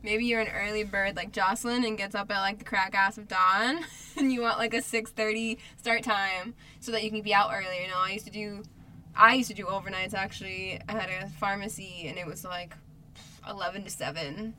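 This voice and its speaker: A woman co-hosting a casual chat podcast, talking loosely with lots of fillers and quick laughs. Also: medium pitch, steady tone, sharp tone. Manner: chatty, laughs often, many fillers. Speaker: podcast co-host.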